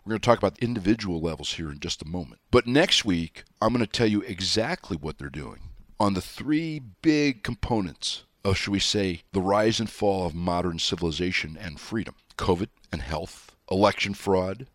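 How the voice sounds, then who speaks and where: A man's voice: deep voice, animated, normal speed, no room sound, clean studio sound. A middle-aged man hosting a talk show, delivering an emphatic monologue with sarcastic asides and spelled-out words. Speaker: show host.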